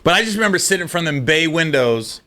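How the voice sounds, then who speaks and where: Man, comedian, animated, laughing storyteller, bright tone. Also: fairly high pitch, quick pace. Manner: animated, laughs through his stories. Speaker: comedian guest. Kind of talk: comic storytelling in conversation.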